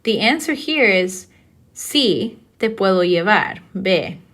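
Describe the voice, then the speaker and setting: A woman's voice: medium pitch, animated, slow, fairly bright tone. A woman teaching a recorded language lesson, explaining step by step in a patient way and often checking in with "okay?". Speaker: Spanish teacher. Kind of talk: recorded lecture.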